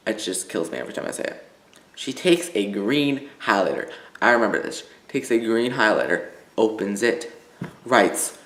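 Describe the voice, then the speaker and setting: A teenage boy from the United States telling a rambling school story with lots of fillers. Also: medium pitch. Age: teens. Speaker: vlogger. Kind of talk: casual story time. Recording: echoey room.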